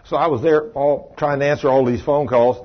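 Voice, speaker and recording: A man's voice: mid-range voice, steady tone, a little fast. A man preaching a sermon in a folksy, emphatic way, with conversational asides to the congregation. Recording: dull lo-fi recording.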